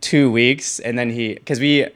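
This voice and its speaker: Animated young man telling a story. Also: medium pitch, a little slow. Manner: animated, acts out quoted voices. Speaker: guest. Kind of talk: casual storytelling in a podcast interview.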